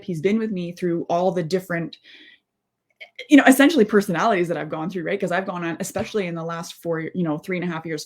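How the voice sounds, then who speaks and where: A woman in her thirties giving a candid live-stream monologue as a mindset coach, rambling and heartfelt, with many asides and restarts. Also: lowish voice. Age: 30s. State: close to tears.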